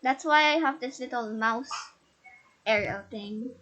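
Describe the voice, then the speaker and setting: Shy, stammering high female voice. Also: unhurried, pushed and bright. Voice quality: muffled by a face mask. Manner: shy and nervous, stuttering with frequent restarts. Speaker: game house tour host. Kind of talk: casual screen-recorded game tour. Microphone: laptop.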